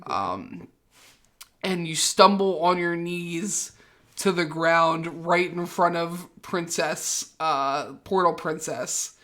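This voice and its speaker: Female game master: unhurried, vivid storytelling, crisp bright voice. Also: on the low side, lively intonation. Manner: vivid, gory descriptions with many fillers. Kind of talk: narrating a tabletop game.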